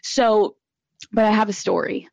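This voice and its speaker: A woman's voice: mid-range voice, measured pace, vocal fry, dry recording. A woman in her twenties hosting a live podcast, chatting candidly and telling stories with lots of swearing. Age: 20s. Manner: candid, profane, animated storytelling. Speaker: podcast host. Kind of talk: casual live podcast chat. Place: live audio room.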